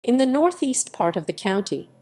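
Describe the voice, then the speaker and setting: A woman's voice: fairly high pitch, sing-song, normal speed, dark tone, slightly rough. A woman reading an encyclopedia article as scripted narration, spelling out phonetic symbols literally. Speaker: article reader.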